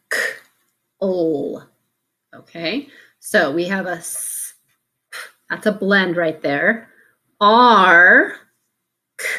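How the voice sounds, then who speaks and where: A woman's voice: mid-range voice, sharp tone. A woman teaching a phonics lesson, patiently sounding out letters one at a time and breaking words into syllables.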